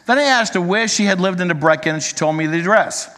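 A man preaching a sermon, telling a long story in an earnest, measured way before turning to the congregation. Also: sits high, sharp tone, big-room sound.

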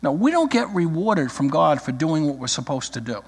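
A middle-aged man preaching a sermon, emphatic and slowing down to read scripture. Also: a little high, very animated, breathy edge. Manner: emphatic, drawn-out scripture reading. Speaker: pastor. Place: church sanctuary. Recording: echoey church hall.

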